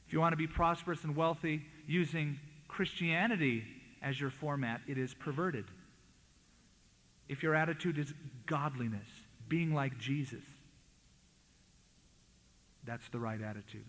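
A man's voice: on the high side, measured pace, pauses often, a bit bright, in a large hall, rough recording. A man preaching a sermon, reading scripture aloud with emphatic rises and falls. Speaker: pastor.

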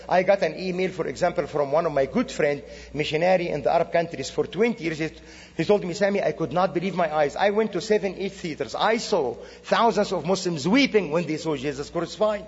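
A man from the Middle East, a guest speaker with a high, breathy-edged voice, preaches a sermon animatedly, telling stories with quoted dialogue. The dull lo-fi recording is from a reverberant church sanctuary.

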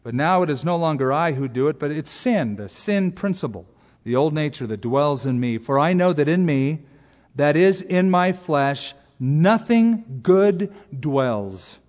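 A man preaching an expository sermon as pastor, animated and acting out little voices. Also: a little high, unhurried, big-room sound. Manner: animated, acts out voices and exaggerated asides. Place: large church sanctuary.

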